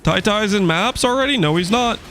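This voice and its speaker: A man's voice: sits high, lively intonation, fairly quick, fairly bright tone, slight background noise. A man streaming a game, joking and chatting with his viewers while he plays. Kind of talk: casual live-stream chat while gaming.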